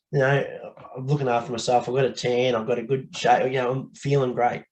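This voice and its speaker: An Australian man speaking candidly as a guest on a casual podcast, blokey and quick to laugh, swearing now and then. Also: medium pitch, flat delivery, low-quality recording.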